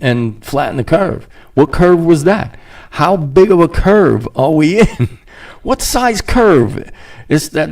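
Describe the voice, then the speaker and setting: A man's voice: on the high side, darkish tone, recorded from a distance. A man hosting a podcast, ranting in a casual monologue, sarcastic and rambling, slipping into mocking voices and laughing often. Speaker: podcast host.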